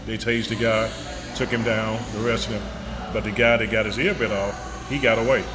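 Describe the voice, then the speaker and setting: A man's voice: on the low side, fairly even intonation, moderate pace, poor audio. A man working as a nightclub head of security, telling stories casually and acting out dialogue in raised voices. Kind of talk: casual storytelling in an interview. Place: busy restaurant. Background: crowd chatter.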